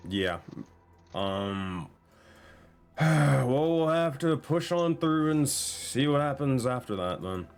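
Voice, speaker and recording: A man's voice: medium pitch, animated, slow, clean tone, soft background music. A man running a tabletop game on stream, talking casually, exasperated and swearing often. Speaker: game master.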